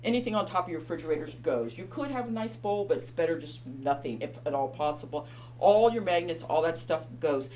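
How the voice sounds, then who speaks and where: A woman's voice: sits low, expressive, brisk, dark tone, slight background noise. Chatty, emphatic woman giving staging tips. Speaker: realtor giving a staging seminar. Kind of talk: presentation to an audience.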